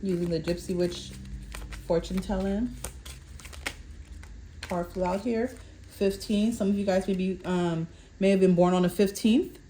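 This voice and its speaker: A woman's voice: mid-range voice, fairly even intonation, unhurried, pauses often, dark tone, slight background noise. A woman doing a collective fortune card reading, reading card meanings aloud, stumbling over words and checking in with "okay?". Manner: repeats "okay?" to check in with viewers. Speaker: tarot reader.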